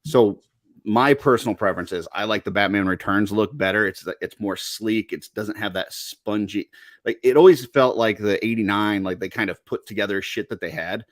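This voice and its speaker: A man's voice: on the low side, normal speed, no echo, studio quality. A man hosting a podcast, chatting casually in a rambling way with many fillers. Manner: laid-back, rambling with fillers. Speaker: podcast host. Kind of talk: casual chat.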